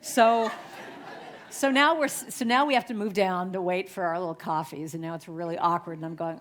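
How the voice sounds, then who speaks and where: A middle-aged woman giving a storytelling sermon as a guest speaker, chatty and animated, often laughing. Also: on the low side, normal speed, vocal fry, some chatter behind. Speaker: guest speaker at a spiritual center.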